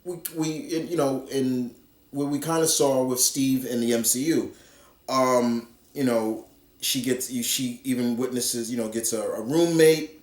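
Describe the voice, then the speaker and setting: A man's voice: medium pitch, steady tone, measured pace, darkish tone. A man casually reviewing a comic book, rambling with lots of fillers and restarts. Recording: roomy echo.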